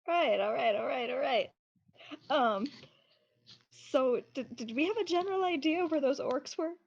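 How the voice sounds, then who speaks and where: A woman's voice: sits high, measured pace, creaky, dull audio. A young woman chatting as a player in a tabletop game, hesitant and thinking aloud. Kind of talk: casual tabletop chat.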